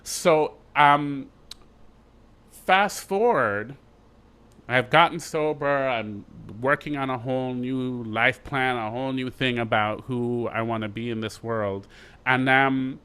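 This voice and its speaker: A middle-aged Jamaican man, an actor being interviewed, telling his story in a lively way with quick asides and restarts. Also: medium pitch, clean tone. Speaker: actor guest.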